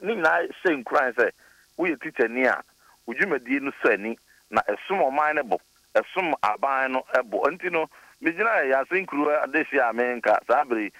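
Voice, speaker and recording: A man's voice: medium pitch, no room sound, rough recording. A man from Ghana, a deputy education minister, telling stories earnestly as a radio interview guest. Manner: earnest storytelling, warmly praising.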